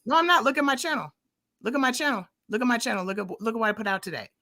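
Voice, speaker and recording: A woman's voice: a little high, racing, sharp tone. An American woman hosting a livestream, arguing in a profane, confrontational way and repeating herself. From United States. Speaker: livestream host. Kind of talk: heated livestream argument.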